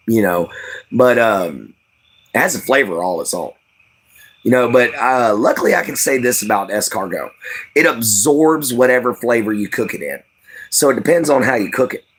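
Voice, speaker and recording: A man's voice: mid-range voice, expressive, normal speed, pauses often, fairly bright tone. A man from Louisiana with a light Cajun accent chats casually with his live-stream audience. He rambles in a folksy way, full of fillers, and sounds tired from lack of sleep. His mid-range voice sits over faint background noise.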